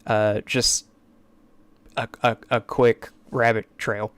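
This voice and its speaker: A man's voice: medium pitch, level tone, slow pace, fairly bright tone, no room sound. A man chatting on a casual live stream at his desk mic, rambling and eager, with stammered restarts and asides. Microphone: desk microphone.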